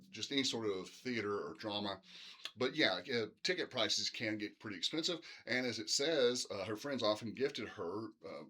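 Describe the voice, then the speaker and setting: A man's voice: on the low side, bright, forceful tone. A middle-aged man teaching literature in a casual, rambling recorded lecture, full of fillers like "uh" and "um".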